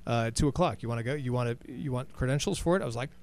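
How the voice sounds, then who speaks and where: A man co-hosting a casual chat, telling stories in an animated way and acting out his own starstruck reactions. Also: medium pitch, very fast. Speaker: radio show co-host.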